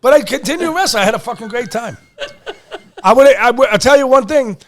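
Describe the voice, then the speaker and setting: Middle-aged male podcast host, high-pitched, swears freely, plays out every quote in his stories. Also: fast. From Lehigh Valley, Pennsylvania. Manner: animated, profane storyteller who acts out quotes. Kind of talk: casual podcast storytelling.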